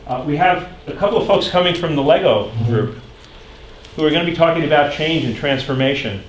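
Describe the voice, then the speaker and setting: A man's voice: fairly high pitch, lively intonation, fairly quick, slight background noise. A man leads the announcements at a chapter dinner meeting, easygoing and chuckling as he goes. The room is echoey, and cutlery and dishes clink faintly behind him. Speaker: chapter president hosting a meeting.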